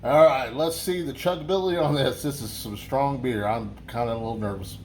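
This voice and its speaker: A mid-pitched man hosts a casual beer review, rambling from thought to thought. He swears freely and keeps restarting his sentences. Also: fairly quick, darkish tone, slight background noise.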